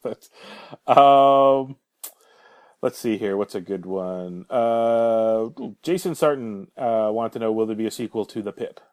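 A man's voice: lowish voice, unhurried, a little mellow, clean tone. A man co-hosting a casual podcast, easygoing and wry as he moves the talk along. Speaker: podcast co-host, game developer. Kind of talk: casual banter.

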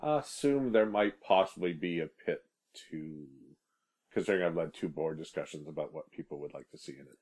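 A man's voice: low voice, brisk. A man co-hosting a casual podcast, joking and bantering with his co-hosts. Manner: joking, playful, animated. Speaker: podcast co-host, game developer.

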